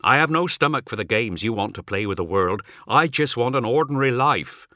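A man voicing a weary, ageless man for an audiobook, urgent and pleading as he tries to calm his companions. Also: mid-range voice, a little fast, no room sound, clean studio sound, pitched above the performer's own voice. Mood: earnest. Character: weary ageless man, frightened but soothing.

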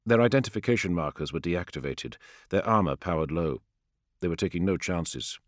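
A man narrating an audiobook in a measured, grave storytelling manner, recorded on a close studio microphone. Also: low-pitched, expressive, dry recording. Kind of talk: scripted dramatic narration.

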